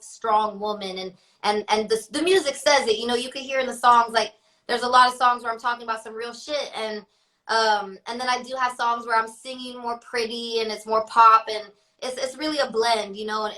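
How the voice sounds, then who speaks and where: Woman rapper as guest, chatty, pitched a bit high, very bright tone. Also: rough recording. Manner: chatty, heavy on fillers and laughter. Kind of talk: casual interview chat.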